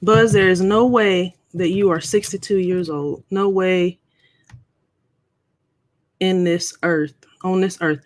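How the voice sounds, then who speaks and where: A woman's voice: fairly low pitch, fairly even intonation, slow, pauses often, no echo. Middle-aged lady chatting on her live stream, playful and teasing, talks right to the viewers. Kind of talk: casual live stream chat.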